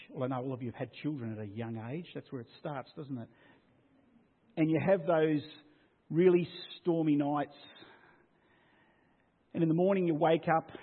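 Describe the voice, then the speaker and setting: A man preaching a sermon as pastor, swinging from loud declarations down to a hushed near-whisper. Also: on the high side, husky. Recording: tinny phone-like sound.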